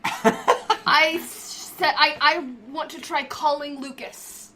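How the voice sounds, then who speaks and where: A woman playing a tabletop game, casual and excitable. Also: high-pitched, measured pace. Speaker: player.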